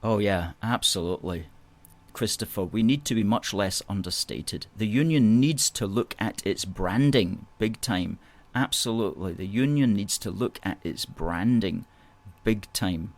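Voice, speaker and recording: Man, somewhat low pitch, live show host, reads viewer comments, emphatic, repeats himself. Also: measured pace. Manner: emphatic, repeats phrases and agreement words.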